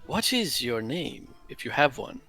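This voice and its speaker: A man's voice: mid-range voice, big pitch swings, unhurried, sharp tone, faint music behind. A man playing a tabletop role-playing game, speaking in character in a playful, theatrical way. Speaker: player. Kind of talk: tabletop role-play chat.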